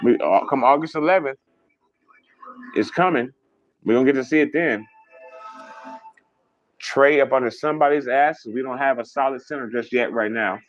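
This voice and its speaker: A man hosting a casual livestream, chatting fast and rambling, swearing freely as he reads viewer comments. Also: medium pitch, dry recording, dull audio, faint music behind. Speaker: livestream host.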